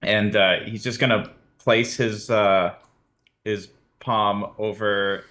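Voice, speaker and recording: A man describes his character's actions during a tabletop game in an easy, relaxed voice. His pitch sits a little low. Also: slow. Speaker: player. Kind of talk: casual tabletop play.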